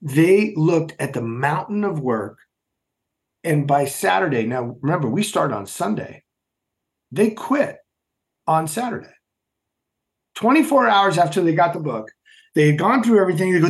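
Emphatic storytelling man, fairly high voice. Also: unhurried, long pauses. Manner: emphatic, animated storyteller who asks rhetorical questions. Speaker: podcast guest, former Navy SEAL. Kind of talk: storytelling interview.

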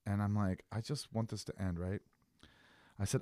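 A man's voice: on the low side, moderate pace, no echo, studio quality. A man telling a long story in casual chat, swearing and acting out the messages he got. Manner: animated storyteller, swears, acts out texts he received.

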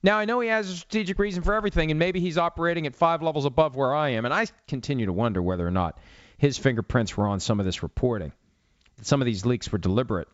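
A man's voice: mid-range voice, fast, no room sound, dull audio. A man hosting a solo sports talk show in a studio, arguing with sarcasm and pointed rhetorical questions. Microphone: studio mic with cough button.

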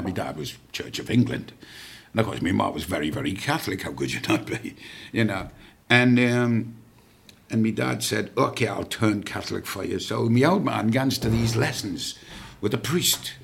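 A man as a podcast guest, telling family stories in an animated way and laughing at his own tales. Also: fairly low pitch, normal speed, gravelly.

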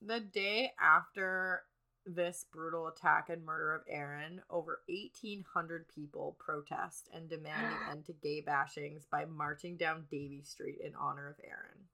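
A stuffy-nosed woman co-hosts a true-crime podcast and works through the case from her notes in a relaxed, chatty way. Her voice is bright and forceful and sits a little low for a woman. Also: moderate pace, vocal fry. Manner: narrating case details from notes. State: congested. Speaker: podcast co-host. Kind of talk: casual true-crime chat.

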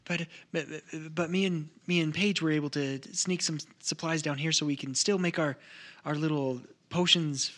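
A small, panicky gnome, put on by a game master, trips over his own words in frantic repeats. The voice sits a touch high and bright. It is tabletop role-play, told in a rush. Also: steady tone, close to an everyday voice. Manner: stammering, flustered, halting repeats.

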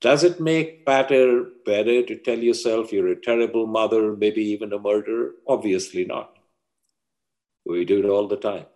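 A man, a personal mastery coach, explaining ideas through parables as an interview guest, measured and deliberate. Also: lowish voice, a little mellow. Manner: measured storyteller.

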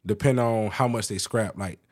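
A young man casually telling work stories on a podcast, loose and profane. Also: a little fast. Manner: laid-back storytelling, profane, lively pitch. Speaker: podcast co-host. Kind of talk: casual chat.

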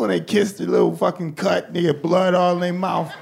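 A male stand-up comedian doing a profane, animated routine, acting out quoted voices with shouts. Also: high voice, fairly quick, vocal fry.

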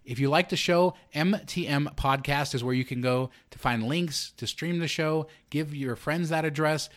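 A man's voice: fairly high pitch, normal speed, fairly bright tone. A man hosting a podcast, reading the show's plugs and then chatting with his co-hosts in an upbeat way. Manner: upbeat promo delivery. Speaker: podcast host. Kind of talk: casual podcast chat.

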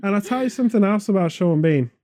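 A man's voice: high voice, animated, fast, mellow, dry recording, studio quality. Rambling man on absurd tangents. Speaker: podcast co-host. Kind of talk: rambling comedic chat.

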